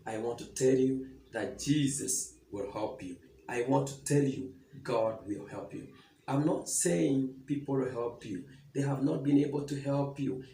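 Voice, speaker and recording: A man preaching an earnest sermon with a gravelly, mellow voice. He repeats reassuring lines again and again. The sound is roomy and a little distant from the mic. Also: medium pitch.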